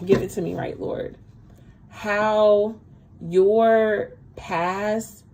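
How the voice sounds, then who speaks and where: A woman's voice: medium pitch, a little mellow, slight background noise, rough recording. A woman giving a casual livestream tarot reading, chatty and speaking straight to her viewers. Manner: chatty, talks straight to viewers, calls them girl. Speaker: tarot reader.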